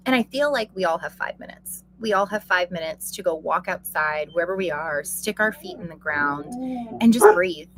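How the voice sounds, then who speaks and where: A woman's voice: lowish voice, lively intonation, normal speed, a little hiss or hum, poor audio. A woman hosting a casual livestream, reading viewer comments aloud and answering them in a reflective, spiritual way, with plenty of fillers. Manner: warm-hearted, spiritual, reflective, many fillers. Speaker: livestream host.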